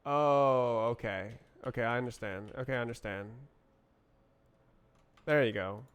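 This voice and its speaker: A man talks to himself while programming on a live stream, trailing off into half-finished thoughts. His voice is smooth and clear, and he speaks at an unhurried, slow pace with plenty of pauses. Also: mid-range voice, lo-fi sound. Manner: halting, muttering to himself. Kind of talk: thinking aloud while coding.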